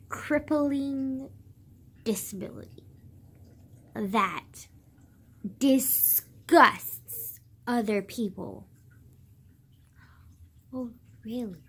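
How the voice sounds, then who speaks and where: A woman's voice: sits high, extremely slow, long pauses, poor audio. A young woman ranting casually to camera, heated and sarcastic, swearing often and filling her talk with "like". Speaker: vlogger.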